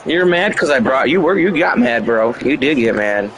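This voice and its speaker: A man's voice: mid-range voice, animated, moderate pace, low-quality recording. A man trash-talking an online opponent during a live game, mocking and sarcastic, repeating his jabs over and over. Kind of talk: live gameplay chat. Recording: live stream with loud game crowd.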